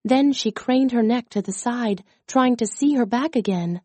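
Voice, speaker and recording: A woman narrating a children's storybook chapter in a slow, careful, clearly enunciated reading style. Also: a little high, dark tone, dry recording. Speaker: audiobook narrator.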